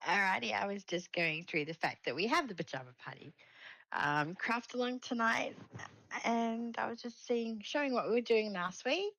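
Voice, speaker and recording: A woman's voice: mid-range voice, sing-song, moderate pace, fairly bright tone, no echo. A woman hosting a casual craft livestream from home, chatting with viewers and laughing often. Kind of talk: casual chat.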